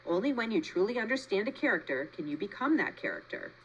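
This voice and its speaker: A woman's voice: fast talker, lo-fi sound, a little hiss or hum. A woman voicing a chatty, dramatic female possum who loves to perform, in a storybook read-aloud. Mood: theatrical. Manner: gushing, showy, high and lively.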